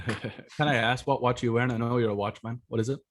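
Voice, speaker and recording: A man's voice: mid-range voice, fairly even intonation, fairly quick, slight background noise. A man hosting a casual interview as a sales mentor, talking bluntly and swearing freely.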